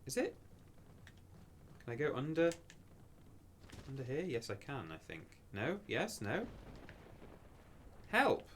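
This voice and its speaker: A man's voice: medium pitch, sing-song, a little slow, long pauses, slight background noise. Chatty man streaming a game. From England. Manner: chatty, rambling, self-deprecating, reads chat aloud. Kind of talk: casual livestream chat.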